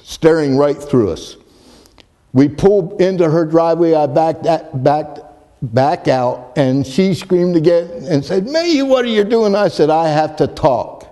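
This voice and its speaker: Mellow-voiced man telling a story. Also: mid-range voice, big-room sound. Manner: rambling, with frequent restarts and repetitions. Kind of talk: personal storytelling.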